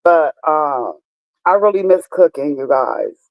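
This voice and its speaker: Her low-pitched, expressive voice moves a little slowly, and the audio is dull with no echo. She's in her fifties, chatting casually on a live stream, swearing a lot as she tells emphatic stories directly to her viewers.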